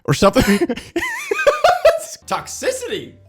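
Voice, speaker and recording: Animated, playful comedy host, a man. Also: high-pitched, slow, slightly rough, faint music behind. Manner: playful, sarcastic, bursts into laughter. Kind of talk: comedic reaction commentary.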